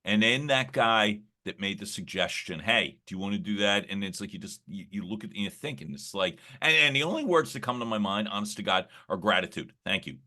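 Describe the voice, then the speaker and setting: A man with a very low voice that still carries a sharp, bright edge. He talks as a podcast guest in a loose, reflective way, circling back with fillers and restarts. There's a slight gravel to his early-morning voice. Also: expressive, a little fast, hardly any pauses. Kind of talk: casual conversational interview.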